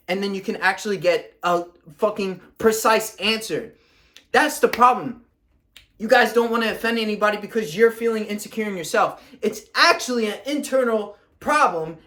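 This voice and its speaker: A man's voice: high voice, bright, forceful tone. A young man, a fitness coach, ranting to camera in a blunt, profane, confrontational way.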